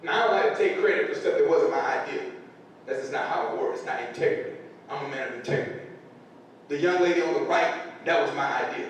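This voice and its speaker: A man's voice: on the high side, fast, slight background noise. A man in his forties giving a humorous motivational speech to teachers, telling stories with acted-out quotes and folksy grammar. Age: 40s. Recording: echoey hall from far off.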